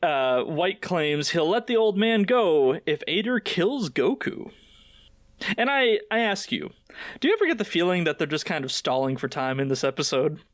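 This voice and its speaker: Joking, lively-voiced male podcast host. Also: on the high side, moderate pace, no echo. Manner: laughs often, acts out quotes; profane, joking. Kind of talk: casual recap chat.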